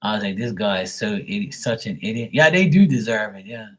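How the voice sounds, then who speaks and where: A man's voice: lowish voice, lively intonation, fairly quick, fairly bright tone. A man hosting a livestream, recounting chat trolls in a profane, mocking, rambling way with frequent laughter. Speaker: livestream host.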